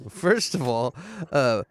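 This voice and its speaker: A man hosting a podcast in casual chat, rambling and halting with fillers and restarts. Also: mid-range voice, lively intonation, clear, resonant tone, no room sound. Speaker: podcast host.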